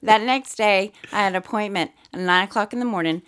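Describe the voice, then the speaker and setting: A woman's voice: medium pitch, fairly quick, a bit bright, smooth. A middle-aged woman co-hosting a podcast, telling a story in a blunt, profane way and acting out each person's voice. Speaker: podcast co-host. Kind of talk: animated storytelling chat.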